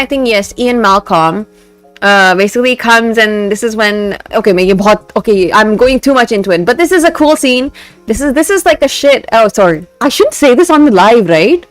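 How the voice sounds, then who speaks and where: This young VTuber streamer has a slightly high voice and an Indian accent, recorded dry on a desk mic set back from her. Chatting casually on a live stream, she giggles often, reacts to memes and chat, and switches between English and Hindi in a giggly, animated way.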